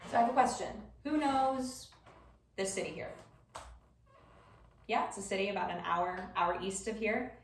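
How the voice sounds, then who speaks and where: A woman's voice: mid-range voice, moderate pace, long pauses, slight background noise. A young woman with a Wisconsin accent giving a casual class presentation, chatty and informal with frequent ums. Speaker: student presenter. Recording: roomy classroom from far off.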